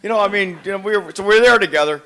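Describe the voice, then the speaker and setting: A man's voice: sits high, racing, fairly bright tone. An older man giving a storytelling speech at a gathering, acting out the people in his tale. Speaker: event speaker.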